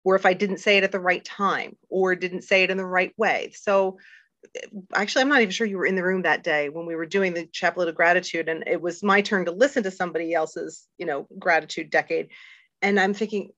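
A woman's voice: on the low side, steady tone, fairly quick, a bit bright, no room sound. A middle-aged woman, a guest on a faith podcast, talking candidly and earnestly with many fillers and restarts. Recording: dull lo-fi dry recording.

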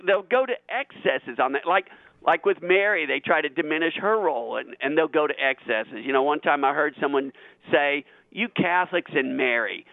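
A man who is a guest on a call-in radio show, talking in an animated way and getting excited as he argues his point. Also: dry recording. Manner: animated, grows excited and high when making a point. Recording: tinny phone line.

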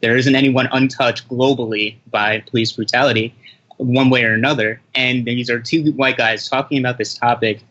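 A man's voice: medium pitch, fairly even intonation, moderate pace, a bit bright, dull audio. A man from America, guesting on a podcast, speaking earnestly and confidently with a playful edge. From America, of Haitian parents. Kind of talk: casual podcast chat.

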